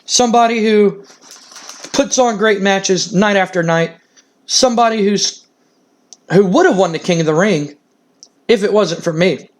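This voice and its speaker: A man's voice: high-pitched, measured pace, long pauses, voice pushed up. A man voicing a stubborn young woman arguing with her father, defiant and sly, in his ordinary voice. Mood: scheming.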